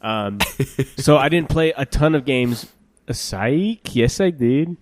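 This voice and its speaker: A man's voice: medium pitch, measured pace, noisy background. A young man co-hosting a casual gaming podcast, joking and laughing through his stories. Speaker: podcast co-host. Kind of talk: casual chat.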